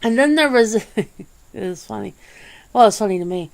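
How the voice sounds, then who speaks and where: A woman hosting a casual, soft-spoken ASMR chat, rambling along with easy swearing and frequent laughs, close to the mic. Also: medium pitch, animated, moderate pace, gravelly. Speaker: ASMR channel host.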